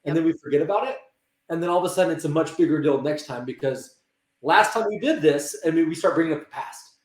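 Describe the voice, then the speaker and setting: A man talking in a casual interview about working with teens. He acts out quoted dialogue in lively voices and often restarts his sentences. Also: fairly high pitch, quick pace. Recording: roomy echo.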